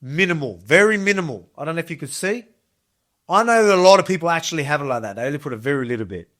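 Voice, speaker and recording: A man's voice: on the high side, animated, quick pace, fairly bright tone. A man in his thirties with an Australian accent, chatting casually through a kitchen cooking demo in a rambling, enthusiastic way. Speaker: cooking video host.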